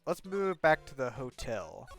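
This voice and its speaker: A man's voice: mid-range voice, very animated, measured pace, faint music behind. A man playing a story game and chatting casually, thinking aloud as he goes. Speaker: gameplay narrator. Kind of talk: casual let's-play commentary.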